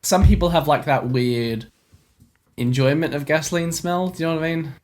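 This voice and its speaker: A man's voice: fairly high pitch, moderate pace, darkish tone. A man co-hosting a casual podcast, chiming in with playful, jokey remarks. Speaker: podcast co-host. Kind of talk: casual chat.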